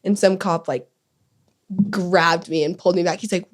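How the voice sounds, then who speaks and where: A young woman, a guest, retelling a painful event with many fillers in a rushed, emotional way. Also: fairly low pitch, fairly even intonation. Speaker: podcast guest, older sister. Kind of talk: emotional storytelling.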